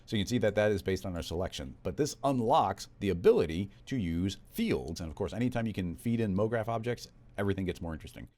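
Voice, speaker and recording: Low-voiced man explaining software steps. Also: fast talker, few pauses. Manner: relaxed, conversational step-by-step explaining. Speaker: software tutorial instructor. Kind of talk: screen-recorded software tutorial.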